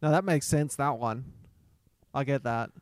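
A man co-hosting a podcast over a remote call, egging his partner on with deadpan quips. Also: medium pitch, unhurried, clean tone, no room sound. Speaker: podcast co-host. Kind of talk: crude casual banter. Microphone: remote call mic.

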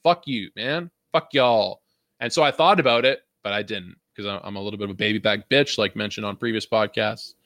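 A man's voice: on the low side, fast talker, hardly any pauses, bright, forceful tone, no echo. A young man from Vancouver hosting a podcast, ranting in a casual, profane, rambling way and laughing often. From Vancouver, Canada. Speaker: podcast host.

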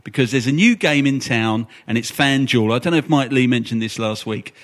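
Fast-talking podcast host. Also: male voice, mid-range voice. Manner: quick, jokey, reads ad copy with enthusiasm. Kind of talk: casual football chat.

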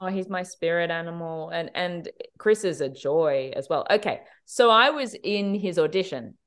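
An Australian woman, a TV director, chatting in a casual podcast interview and telling animated stories full of quick asides. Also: on the low side. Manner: animated storytelling with quick asides and frequent laughs. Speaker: TV director, guest.

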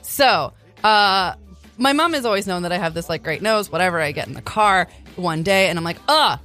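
A woman's voice: on the low side, a little fast, fairly bright tone, soft background music. A woman co-hosting a casual podcast chat, with a faint Long Island accent, swearing freely and joking indignantly. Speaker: podcast co-host.

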